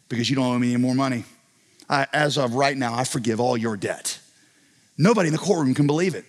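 Animated preacher in an echoing hall. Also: male voice, on the high side. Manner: animated storytelling, acting out quoted voices. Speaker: pastor. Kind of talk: sermon.

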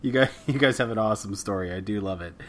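A Canadian man hosts a film podcast, chatting casually with a guest in a rambling, self-deprecating way with frequent restarts. His voice is fairly low, fast, and a bit bright.

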